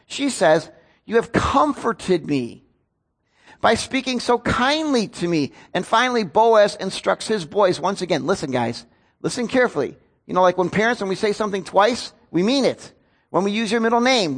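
A male preacher with a high voice, speaking to a congregation in a relaxed, conversational sermon. He slips into joking asides and acts out the lines of the people he quotes. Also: fairly quick. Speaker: pastor. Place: church before a congregation.

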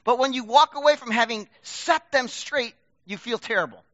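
A middle-aged man preaching a sermon in a conversational, self-deprecating way, swinging from loud bursts to hushed asides. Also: very high-pitched, normal speed, no room sound, lo-fi sound. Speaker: pastor.

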